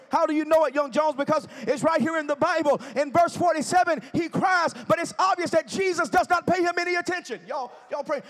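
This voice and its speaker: A man preaching a sermon in a church, emphatic and rising into shouted call-and-response, then dropping to hushed scripture reading. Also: extremely high pitch.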